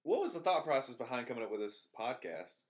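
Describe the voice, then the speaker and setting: A man co-hosting a casual podcast, joking with quick asides. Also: medium pitch, very animated. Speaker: podcast co-host. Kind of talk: casual chat.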